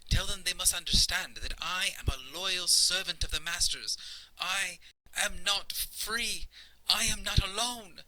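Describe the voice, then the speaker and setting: A weeping servant creature, put on by a man, pitched well above his usual voice. It pleads slowly and tearfully in broken speech, clinging to its loyalty. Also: pushed and bright, heavily acted, low-quality recording. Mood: frightened insistent. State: crying.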